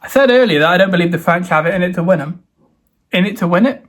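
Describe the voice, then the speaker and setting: A man's voice: sits high, lively intonation, fast. A young man, chatting casually to camera as a football vlogger, thinking aloud, dithering and exclaiming as he goes. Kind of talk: casual solo predictions vlog.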